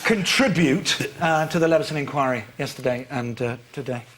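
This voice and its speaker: A man's voice: medium pitch, normal speed, heavy background noise. A man hosting a comic panel show, delivering scripted jokes in a dry, wry way in a TV studio. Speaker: host. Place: TV studio with live audience.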